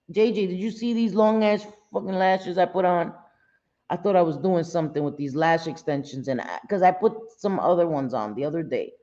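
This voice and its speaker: A woman's voice: lowish voice, warm tone, highs cut off. A middle-aged woman hosting a casual live chat, talking in a loose, chatty way and often laughing. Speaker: livestream host.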